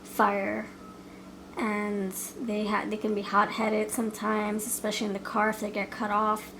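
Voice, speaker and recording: A woman's voice: medium pitch, monotone, unhurried, gravelly, background noise. A woman giving a casual pick-a-card tarot reading, playful and chatty, laughing often as she talks. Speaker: tarot reader.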